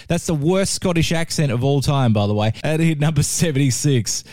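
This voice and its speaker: A man's voice: normal speed, hardly any pauses, no echo, clean studio sound. A man hosting a music show, chatting casually and cracking jokes between songs. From Australia. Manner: chatty and jokey, with lively swings in pitch. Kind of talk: casual radio-style music chat.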